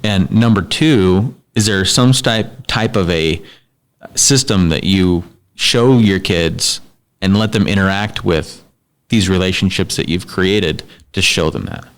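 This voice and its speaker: Male host, deep low voice, deliberate questioner. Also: clear, resonant tone. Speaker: podcast host. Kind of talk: casual interview questions.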